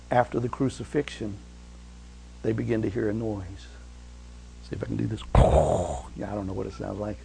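A man preaching a sermon, retelling stories with animated swings from loud emphasis to hushed, quiet passages. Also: on the low side, vocal fry, slight background noise, rough recording.

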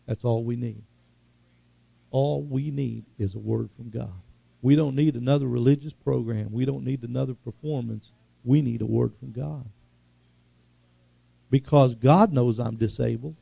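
A man preaching a sermon, swinging from loud, high exhortation to hushed, slow earnestness. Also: steady tone, gravelly, slightly rough, no echo, lo-fi sound.

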